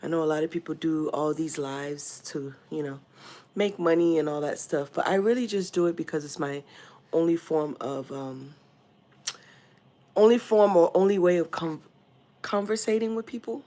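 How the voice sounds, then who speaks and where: A woman's voice: low-pitched, moderate pace, mellow. A young woman from Nigeria with a Nigerian accent, chatting casually on a home livestream and greeting viewers by name. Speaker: livestream host.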